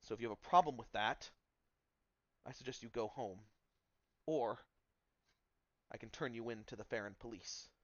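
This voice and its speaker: A man voicing a male priest who speaks in a slow, stern and strained way. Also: fairly low pitch, expressive, no echo, highs cut off, close to an everyday voice.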